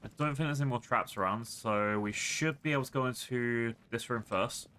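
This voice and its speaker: Bright-voiced male game streamer. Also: mid-range voice, moderate pace, a little hiss or hum. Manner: rambling, filler-heavy. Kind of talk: casual gameplay commentary.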